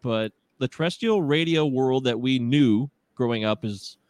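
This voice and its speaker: A middle-aged man co-hosting a casual podcast, animated and jokey. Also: medium pitch, measured pace, no echo, studio quality. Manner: animated, jokey, laughs often. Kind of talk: casual chat.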